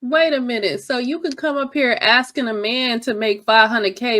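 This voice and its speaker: A woman's voice: fairly high pitch, moderate pace, bright, forceful tone. Sassy mocking woman reactor. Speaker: co-host reacting to clips. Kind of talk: casual reaction commentary.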